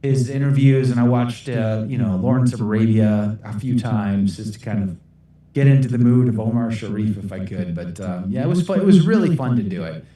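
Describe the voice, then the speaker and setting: A man's voice: mid-range voice, a little fast, warm tone, very echoey, recorded from a distance. A middle-aged American man answering livestream questions in a rambling, self-deprecating way, laughing often. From United States. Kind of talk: casual livestream Q&A.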